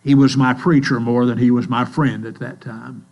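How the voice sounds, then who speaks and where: A man's voice: medium pitch, fairly even intonation, a little mellow, lo-fi sound. Older man preaching an earnest sermon. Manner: slow, earnest storytelling. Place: church. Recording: mains hum in the background.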